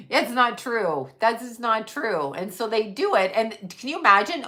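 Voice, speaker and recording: At a normal speed with hardly any pauses, a middle-aged woman runs a casual livestream, her fairly high voice expressive, pushed, and bright. She vents bluntly, cursing, and reads viewer comments aloud.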